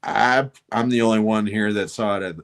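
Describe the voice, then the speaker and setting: A middle-aged man telling a story on a podcast, animated and swearing freely. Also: fairly low pitch, moderate pace. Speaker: podcast co-host. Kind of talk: casual chat, storytelling.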